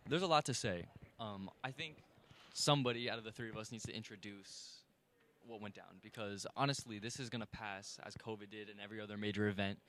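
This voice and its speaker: A man's voice: fairly low pitch, a little fast, a bit bright, a little hiss or hum. A young man as a guest on a campus podcast, speaking earnestly about his opinion outdoors. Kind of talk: casual opinion discussion.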